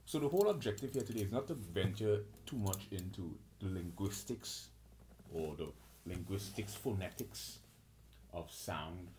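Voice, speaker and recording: A man's voice: low-pitched, normal speed, mellow, slight background noise. A man giving a rambling solo lecture on his own channel, listing terms and restarting his sentences often. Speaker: channel host.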